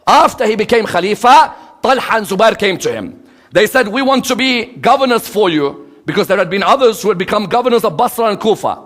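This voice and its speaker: A man giving a religious lecture, asking the audience rhetorical questions and acting out quoted dialogue, with dramatic swings between loud and hushed delivery. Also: sits high, animated, a little fast.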